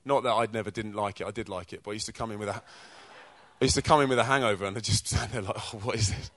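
A British man preaching to young people, telling stories from his own life in a chatty, energetic way. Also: on the low side, quick pace, dry recording. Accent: British English. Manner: energetic, chatty storyteller who acts out quotes. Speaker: speaker at a youth church event. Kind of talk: testimony-style preaching with stories.

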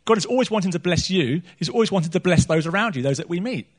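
A male preacher with a notably high voice delivers a sermon from a small church stage. He keeps it conversational and humorous, pausing to poll the congregation with questions. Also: lively intonation.

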